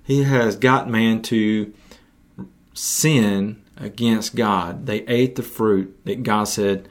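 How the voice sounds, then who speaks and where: A man's voice: lowish voice, fairly even intonation, slow pace. A man preaching an earnest sermon, often restarting his phrases.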